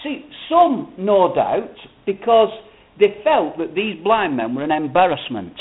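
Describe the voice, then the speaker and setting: A man's voice: sits high, sing-song, measured pace. A man preaching a sermon with emphatic, rising and falling cadence. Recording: phone-like narrow band.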